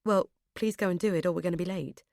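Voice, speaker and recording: A woman voicing an impatient husband who turns gently caring, read in an audiobook. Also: lowish voice, steady tone, fast, creaky, dry recording, studio quality. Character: impatient, fussing husband, grown man.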